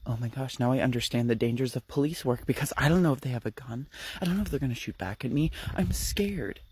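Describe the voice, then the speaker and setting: A man's voice: mid-range voice, quick pace, a little mellow, no room sound. A man voicing a cocky, panicky young woman on the run, talking frantically and slipping into whispers. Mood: scared. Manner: frantic, breathy, slips into whispers.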